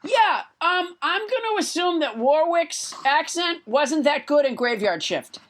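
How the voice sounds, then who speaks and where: A woman hosting a comedy podcast, rambling and giggly, with halting restarts. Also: high voice, big pitch swings. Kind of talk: comedic banter.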